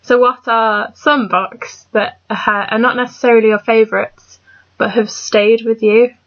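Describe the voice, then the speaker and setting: A woman's voice: fairly high pitch, steady tone, unhurried, highs cut off. A young English woman with an English accent, hosting a casual interview, giggly and self-deprecating. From England. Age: young adult. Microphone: video call.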